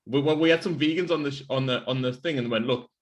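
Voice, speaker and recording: A man's voice: medium pitch, quick pace. A man co-hosting a casual podcast over beers, telling rambling stories full of "like" fillers and swearing. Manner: rambling storyteller, swears freely, many "like" fillers. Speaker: podcast co-host.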